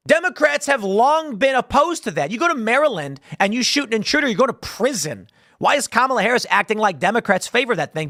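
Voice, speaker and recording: A man in his late thirties hosts a political commentary show, speaking in an emphatic, indignant rant. His voice sits a little higher than most men's, and he pushes his points hard. The sound is dry, with no room echo. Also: a bit bright. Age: 30s.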